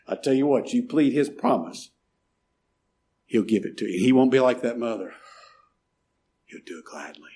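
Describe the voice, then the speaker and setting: A middle-aged man preaching a sermon, pleading and emphatic, swinging from loud rises to soft drops. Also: mid-range voice, animated, moderate pace, pauses often, breathy edge. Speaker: pastor.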